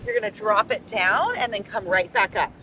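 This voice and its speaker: A woman's voice: mid-range voice, big pitch swings, moderate pace. A woman fitness instructor leading a live outdoor workout class on a beach, giving upbeat, encouraging cues. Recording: distant mic outdoors with faint background noise.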